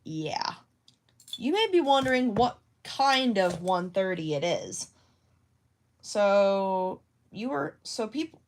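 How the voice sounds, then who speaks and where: A woman vlogging casually at home about her craft projects, rambling and hesitant with many restarts. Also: medium pitch. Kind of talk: casual talk to camera.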